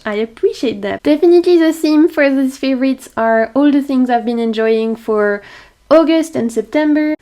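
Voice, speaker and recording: A woman with a French accent, chatting brightly to camera in a tarot vlog, laughing often. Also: sits high. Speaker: tarot vlogger. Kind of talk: casual chat to camera. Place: home on a tropical island. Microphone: camera facing the speaker.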